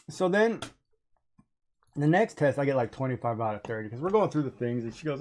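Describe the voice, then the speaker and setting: A man on a casual stream tells a long story in a rambling, animated way, with lots of asides. His voice sits at a middle pitch with a gravelly edge. He sometimes drifts away from the mic as he draws. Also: fairly quick.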